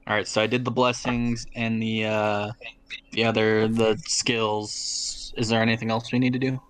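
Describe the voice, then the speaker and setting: A man's voice: on the low side, flat delivery, moderate pace, fairly bright tone, a little hiss or hum. Unsure male player thinking aloud. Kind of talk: casual game chat over voice call.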